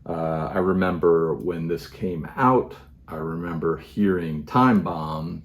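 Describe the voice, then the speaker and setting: A man's voice: sits low, takes it slowly. A middle-aged man talking casually at home about his music collection, rambling with lots of fillers and restarts. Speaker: record collector vlogger. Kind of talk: casual show-and-tell monologue.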